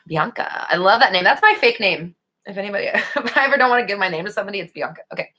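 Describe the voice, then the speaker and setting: Bright, forceful woman hosting a casual Q&A. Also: mid-range voice, fast. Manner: animated, blunt, swears freely. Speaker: host answering viewer questions. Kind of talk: casual live Q&A chat.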